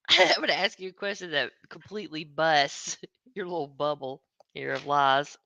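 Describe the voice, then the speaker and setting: A woman's voice: deep voice, lively intonation, moderate pace, creaky, pushed and bright, no room sound. A woman co-hosting a casual commentary chat, giggly and teasing. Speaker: co-host.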